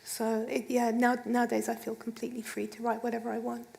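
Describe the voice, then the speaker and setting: A woman's voice: fairly high pitch, fast talker, vocal fry, a little hiss or hum. A woman author on a live festival panel, telling an anecdote and acting out the dialogue. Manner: lively storyteller, acts out dialogue. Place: live event stage.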